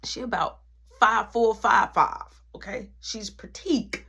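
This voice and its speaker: Slangy animated storyteller. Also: female voice, on the high side, unhurried, creaky, husky. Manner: slangy, animated retelling with many asides. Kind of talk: casual storytime.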